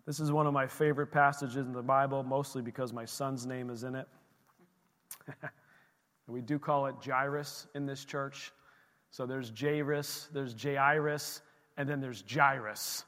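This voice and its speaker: A man in his thirties, a pastor preaching a sermon, emphatic, repeating key phrases and swinging between quiet and loud. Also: mid-range voice, steady tone, normal speed. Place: church sanctuary. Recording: long reverb of a church hall.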